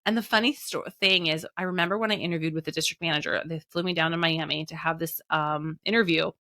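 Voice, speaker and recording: A woman's voice: sits low, fairly even intonation, quick pace, pushed and bright, no echo. Chatty woman from the Midwest, dry sound. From Indiana, American Midwest. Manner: chatty, lots of "like" fillers, acts out quoted voices. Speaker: business owner and guest. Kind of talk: conversational storytelling.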